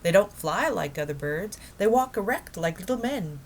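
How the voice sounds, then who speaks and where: A woman's voice: medium pitch, animated, moderate pace. A woman reading a children's book aloud, voicing an eager, dreamy middle-aged man who is enthusiastic about penguins. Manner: enthusiastic, wondering.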